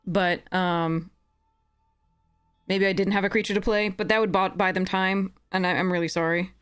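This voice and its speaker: A woman giving casual commentary while playing a card game, chatty, often correcting herself and slipping in quick apologies. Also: lowish voice, steady tone, clear, resonant tone, no echo, clean studio sound. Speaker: game streamer.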